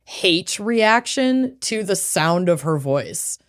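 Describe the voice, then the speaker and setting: A woman's voice: fairly low pitch, big pitch swings, slow pace. A woman co-hosting a podcast, chatting casually in a blunt, profane, joking way. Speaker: podcast co-host. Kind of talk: casual chat.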